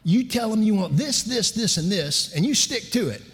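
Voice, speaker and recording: A man's voice: expressive, normal speed. A man imitating his feisty older Southern mother with a raised, emphatic voice in a reverberant lecture hall. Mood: insistent. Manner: high, emphatic urging.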